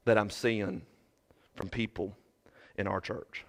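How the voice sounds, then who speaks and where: A man preaching a sermon as pastor, swinging from shouted fervor to quiet earnest talk. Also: lowish voice, steady tone, slow pace. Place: church sanctuary. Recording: preached in a reverberant hall.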